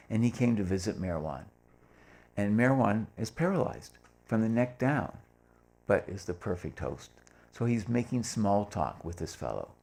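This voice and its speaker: A man's voice: fairly low pitch, vocal fry, a little mellow. An older man giving an informal talk, rambling with many fillers and restarts and acting out the voices of people in his stories.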